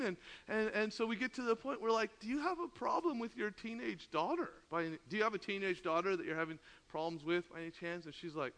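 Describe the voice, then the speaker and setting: A man's voice: sits high, brisk, creaky, few pauses. A man preaching a sermon, telling a story with lots of laughter and acted-out dialogue. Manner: animated storytelling, laughing often, acting out dialogue. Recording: long hall reverb.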